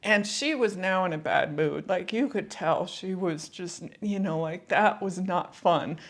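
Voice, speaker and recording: Speaking at a measured pace in a lowish voice, a woman life coach shares a personal story to camera in a casual, reflective vlog, her conversational delivery full of "like" and "you know."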